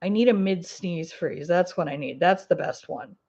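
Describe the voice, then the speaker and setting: A woman's voice: fairly low pitch, normal speed, a little mellow, slightly rough, lo-fi sound. Chatty woman with an Ozark twang. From Ozark Mountains, US. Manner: chatty and rambling, with many fillers and laughs. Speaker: crafting livestream host. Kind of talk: casual livestream chat answering viewer comments.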